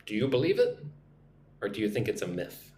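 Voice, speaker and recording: A man's voice: lowish voice, very animated, darkish tone. American man teaching English live. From United States. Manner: drills pronunciation slowly, asks "right?" constantly. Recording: echoey room, faint background noise.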